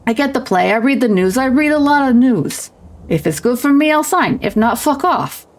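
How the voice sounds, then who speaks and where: A woman voicing a gruff, cocky male goblin potion seller who talks in rude street slang with a crunchy voice. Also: sits high, expressive, moderate pace, voice pushed up. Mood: brash. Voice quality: crunchy, gravelly.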